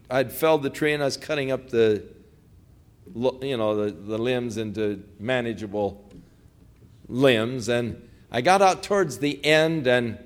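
Man preaching with big dynamic swings. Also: medium pitch. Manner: swings from loud preaching to hushed pleading; folksy storytelling with restarts. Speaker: pastor. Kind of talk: sermon.

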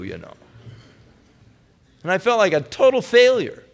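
A man's voice: high voice, huge pitch swings, measured pace, creaky, pauses often. Man preaching an emotional story. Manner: emotional, heartfelt storytelling with wide swings between hushed and raised. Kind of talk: storytelling sermon.

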